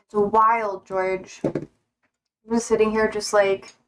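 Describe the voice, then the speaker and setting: A woman's voice: medium pitch, flat delivery, slow, slight background noise, poor audio. A young adult woman streamer chatting casually on a live stream, rambling and full of fillers, often cutting herself off mid-thought. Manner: rambling, filler-heavy, self-interrupting.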